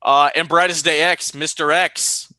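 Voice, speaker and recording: Young man, podcast host, bright forceful voice, animated storytelling, dry close sound. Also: measured pace, dry recording. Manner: animated storytelling, high-pitched quoted voices. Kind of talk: casual podcast chat.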